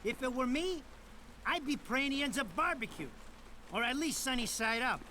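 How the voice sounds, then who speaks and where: A man's voice: very high-pitched, lively intonation, moderate pace, sharp tone, slight background noise, exaggerated voice. An actor playing a crude, griping mob errand man in a video game cutscene, with a nasal, whiny voice. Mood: griping banter. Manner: crude, griping, panicky when scared. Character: foul-mouthed whiny middle-aged male mob errand man.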